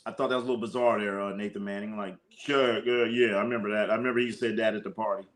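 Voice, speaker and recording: This man runs a laid-back sports livestream, swearing freely and animatedly while occasionally putting on a whiny crying voice. He talks fast, in a fairly low pitch.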